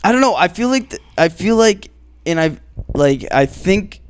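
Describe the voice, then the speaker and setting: A man's voice: high-pitched, animated, moderate pace, smooth. A man co-hosting a podcast, chatting casually and prodding his friend with short questions. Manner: laid-back, chiming in with short reactions and prodding questions. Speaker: podcast co-host. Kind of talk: casual chat.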